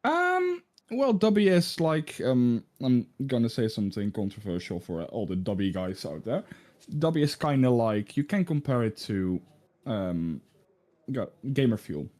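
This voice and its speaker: A man's voice: medium pitch, sing-song, measured pace, darkish tone. A man talking casually about his races as a sim racing driver in a post-race interview. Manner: casual, laid-back, chuckling.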